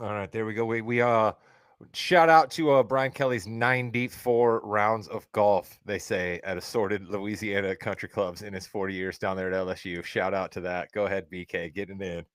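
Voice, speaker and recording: A man's voice: fairly low pitch, steady tone, normal speed, smooth, no echo, studio quality. A man hosting a sports podcast, leading the talk with wry, joking banter. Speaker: podcast host.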